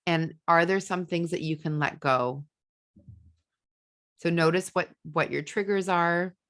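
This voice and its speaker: With a lowish voice at a measured pace, this woman runs a podcast and works as an ADHD parenting coach. Her casual parenting tips come with fillers and restarts, and she animatedly performs venting voices.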